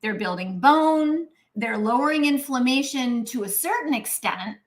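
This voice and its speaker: Animated, bright-voiced woman doctor on a live stream. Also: a little high. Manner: chatty and animated, acts out inner voices; frequent "um" and "right?" tags. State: clearing her throat, mucus from coffee. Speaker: naturopathic doctor hosting a live Q&A.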